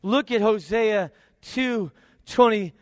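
A man preaching a sermon, reading scripture aloud and explaining it, with emphatic swings in pitch and pace, often asking his listeners if they agree. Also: slow, no room sound, studio quality. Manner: expository Bible teaching, reads scripture aloud and asks listeners to agree.

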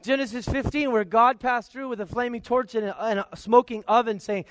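Male preacher, high-pitched, emphatic expository sermon delivery, dry close sound. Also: fairly even intonation, brisk, few pauses, a bit bright, dry recording. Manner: expository Bible teaching, reads scripture aloud and asks listeners to agree.

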